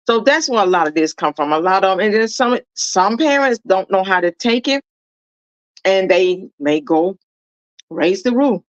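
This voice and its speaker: A woman's voice: mid-range voice, animated, moderate pace, no room sound, lo-fi sound. A woman hosting a reaction video, talking casually and emphatically to her viewers and often asking whether they follow her.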